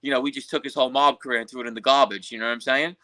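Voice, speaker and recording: A man from Queens, telling a story as a podcast guest in a profane, animated way and acting out what others said. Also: mid-range voice, very fast. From Queens, New York. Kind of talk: casual storytelling.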